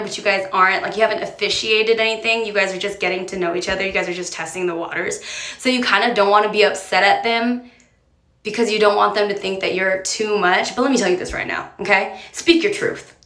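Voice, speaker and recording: A woman's voice: mid-range voice, fairly even intonation, brisk, fairly bright tone. A woman giving casual, direct advice to camera in a chatty way, coaxing the listener along. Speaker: advice creator. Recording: roomy echo.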